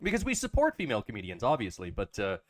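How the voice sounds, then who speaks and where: This podcast host reads an ad in a joking tone, his mid-range voice swinging widely in pitch. He talks in halting bursts full of fillers and restarts, and a slight hiss or hum sits under the recording.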